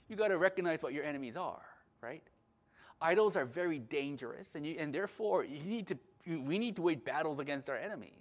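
A man preaching a sermon with passion, at times loud, at times calm. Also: on the high side, a little fast. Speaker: pastor.

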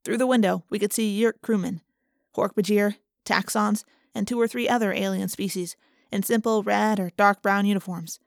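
A woman narrates a first-person audiobook in a steady, measured way. Her pitch is mid for a woman. The recording is close and dry, with no room sound. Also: gravelly, no room sound.

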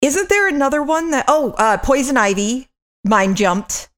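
A woman's voice: high-pitched, big pitch swings, normal speed, a bit bright. A woman on a casual comedy podcast, making blunt, crude quips.

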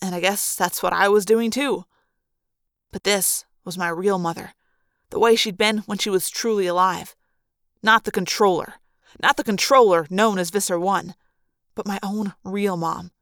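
A woman reading a fan audiobook aloud with expressive storytelling. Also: mid-range voice, normal speed, dry recording, studio quality. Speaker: reader.

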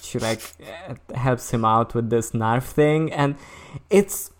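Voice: medium pitch, slow. A podcast co-host in casual chat who rambles through a summary with many fillers.

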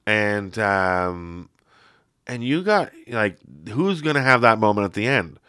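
Rambling, bright-voiced male podcast host. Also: fairly low pitch, expressive, slow, clean tone, dry recording, clean studio sound. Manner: rambling, filler-heavy, jokey. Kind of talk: casual chat.

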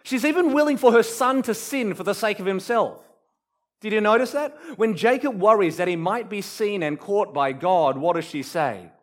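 Male pastor preaching, high lively voice, acts out the quotes, goes quiet for emphasis. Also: normal speed. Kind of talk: sermon.

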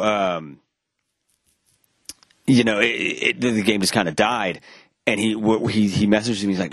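A man with a lowish voice spins a rambling anecdote in casual chat. He acts out the voices of the people in his story, stumbling over restarts and dropping the occasional curse. The sound is dry and close, with no room around it. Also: dry recording. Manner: animated, acts out quoted dialogue; rambling with frequent restarts and profanity.

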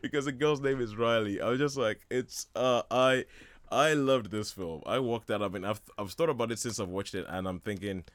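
A man's voice: mid-range voice, normal speed, no echo. A man talking casually and enthusiastically about a film as a radio show regular, rambling with many restarts and laughs. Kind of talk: casual chat.

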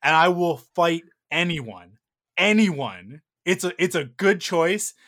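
A man's voice: on the high side, animated, slow, a bit bright. A man in his thirties co-hosting a casual podcast chat, gushing and rambling with playful exaggeration. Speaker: podcast co-host.

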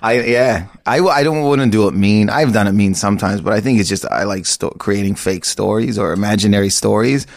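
A man, a comedian guest on a podcast, talking in an excitable, rambling, self-mocking way. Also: lowish voice, brisk, creaky, few pauses, no echo, studio quality. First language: Arabic is his heritage language, spoken choppily. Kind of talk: casual interview chat.

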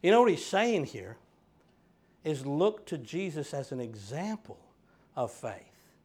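A man's voice: a little high, sing-song, unhurried, a little mellow, husky. A man preaching a sermon, emphatic and direct with his listeners. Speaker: pastor.

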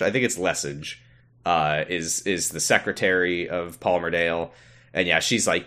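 A man co-hosting a podcast, casually recapping an episode with wry asides and quick put-on character voices. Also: deep voice, steady tone, bright, forceful tone. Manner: wry, acts out character quotes with sudden voice jumps. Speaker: podcast co-host.

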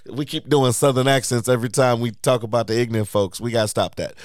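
Male podcast host, mid-pitched, relaxed and affirming, dry close mic. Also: fast talker, no echo. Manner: affirming, frequent backchannels and laughter. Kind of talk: casual conversation.

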